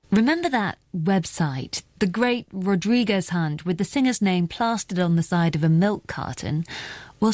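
Low-voiced woman narrating a podcast. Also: darkish tone, dry recording. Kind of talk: scripted narration and interviewing. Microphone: dry studio mic.

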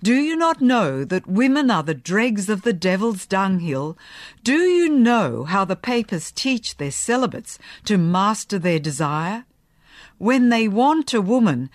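A woman's voice: mid-range voice, no echo, studio quality. A woman voicing a stern, zealous middle-aged male preacher who speaks in a fervent, sermonizing way. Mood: scornful.

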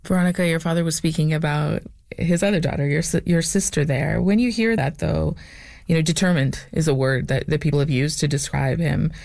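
A radio interviewer asking gentle, conversational questions. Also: mid-range voice, steady tone, brisk, creaky, no room sound, clean studio sound.

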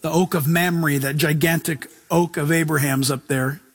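High-voiced, excited casual pastor. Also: male voice, moderate pace, slightly rough. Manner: enthusiastic, casual, slangy. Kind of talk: sermon.

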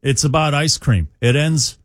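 On morning rock radio, a male host with a slightly high voice talks at normal speed in rambling, opinionated radio chatter packed with fillers. He's recorded on a studio microphone in a radio studio, with a little hiss or hum in the background.

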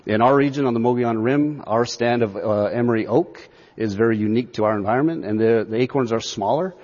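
A man from northeastern Arizona, a guest on a radio interview, telling stories in a relaxed way and laughing easily. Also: medium pitch, fast, in a large hall, muffled recording.

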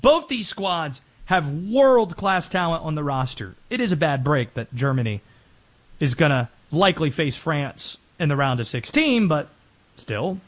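A man hosting a sports talk show, running through players and teams with energetic, emphatic delivery. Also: fairly high pitch. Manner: energetic, emphatic, rattling off names. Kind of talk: sports commentary segment.

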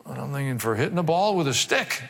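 A man's voice: medium pitch, animated, fast talker, gravelly, a bit bright. A male pastor preaching a sermon, dropping wry asides and acting out quoted voices. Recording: long reverb of a large hall.

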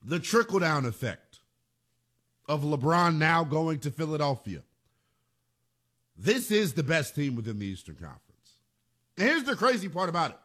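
A sports radio host talks in a high, bright register that swings widely as he drives home each point. He is emphatic and animated, and he leans on repeated phrases for punch. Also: normal speed, long pauses. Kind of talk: sports talk radio monologue.

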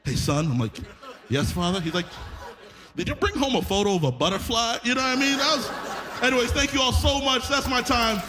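High-voiced man telling stage stories. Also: expressive, fairly quick, big-room sound, background noise. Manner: storytelling, acts out his parents' voices. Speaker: stand-up comedian. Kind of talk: stand-up comedy set.

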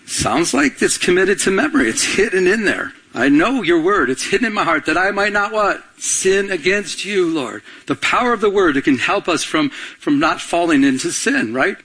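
Male pastor, husky and slightly high, preaching with call-and-response. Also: normal speed, hardly any pauses. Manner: call-and-response with the congregation, rising to excited bursts. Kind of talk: sermon.

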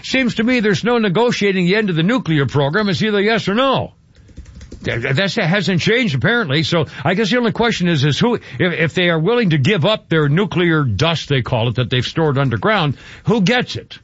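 Guy on talk radio rambling, lots of stammers, kinda high voice, dull dry radio sound. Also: expressive, a little fast, a bit bright, no echo. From Georgia. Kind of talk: casual talk radio commentary.

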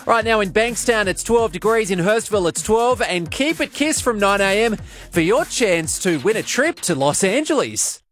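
A man with an Australian accent reading news, sport and weather briskly on breakfast radio. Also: sits high, expressive, fairly bright tone. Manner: brisk, upbeat bulletin delivery.

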